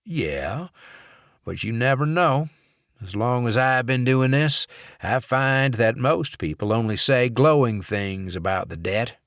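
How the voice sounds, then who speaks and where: A man voicing a cold, ruthless male covert operative who speaks in a calm, clipped, controlled way. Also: medium pitch, slow pace, no room sound, clean studio sound, pitched above the performer's own voice. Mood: feigned friendliness.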